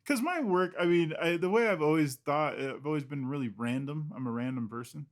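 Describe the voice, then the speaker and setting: A man's voice: fairly high pitch, animated, a little fast. A man, an illustrator guest in an interview, talking casually in a rambling, self-deprecating way with frequent laughs.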